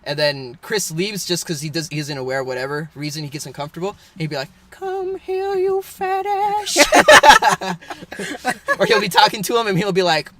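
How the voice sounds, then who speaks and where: A man's voice: fairly high pitch, quick pace, few pauses, background noise. A young man co-hosting a podcast in casual chat, rambling with fillers and laughing often. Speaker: podcast co-host.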